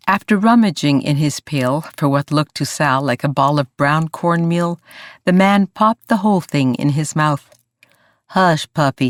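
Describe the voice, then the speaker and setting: An audiobook narrator reading a historical story in an even, measured way. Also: mid-range voice, clear, resonant tone, dry recording, clean studio sound. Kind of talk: scripted narration.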